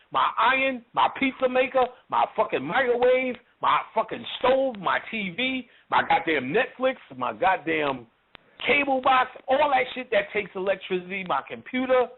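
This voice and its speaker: A man's voice: sits high, very animated, moderate pace, creaky. A man teaching occult ideas in casual, profane, joking talk, acting out other people's voices as he goes. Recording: tinny phone-like recording with faint hiss.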